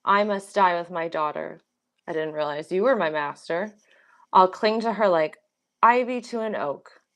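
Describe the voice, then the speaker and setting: A grieving old queen who pleads and defies by turns, read by a woman in her own voice. The voice sits low and smooth, and the delivery stays plain and unforced. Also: normal speed, natural voice. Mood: pleading grief. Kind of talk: dramatic reading.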